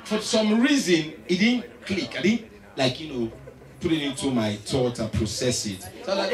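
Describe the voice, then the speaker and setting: A man with a Nigerian accent telling a stand-up story, animated and getting loud on the punchlines. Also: mid-range voice, normal speed, over music. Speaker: stand-up comedian. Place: large live venue stage. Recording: echoey hall, distant mic, loud crowd.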